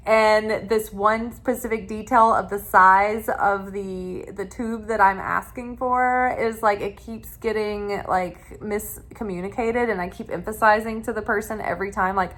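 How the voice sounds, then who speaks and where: A woman's voice: medium pitch, steady tone, unhurried, hardly any pauses, fairly bright tone. A woman who hosts a spiritual channel, telling a personal story in a chatty, rambling way with frequent restarts. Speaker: tarot reader and spiritual channel host.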